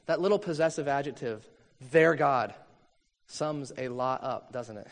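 A man preaching a sermon in an earnest, measured way, reading long quotes slowly. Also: mid-range voice, gravelly. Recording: long reverb from a hall.

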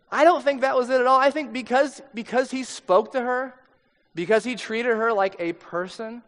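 A man's voice: sits high, fairly bright tone. A male pastor preaching a sermon in a conversational, storytelling way. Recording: long hall reverb.

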